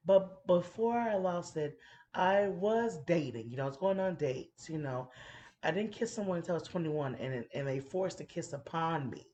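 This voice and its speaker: A woman's voice: on the low side, lively intonation, normal speed, mellow, slight background noise. A woman in her thirties telling a frank, profane story on a casual chat show. She laughs often and talks in a playful way. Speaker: podcast host telling a story.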